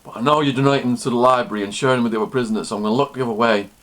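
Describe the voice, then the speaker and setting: A man voicing a big, gruff redneck prison guard who yells coarse, blunt orders. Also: mid-range voice, fairly even intonation, very fast, natural voice. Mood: grudging.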